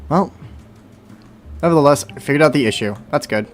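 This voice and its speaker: Over faint background music, a young man livestreams his gameplay in a fairly high, brisk voice. He rambles casually, talking to himself and filling gaps with hums and sound effects.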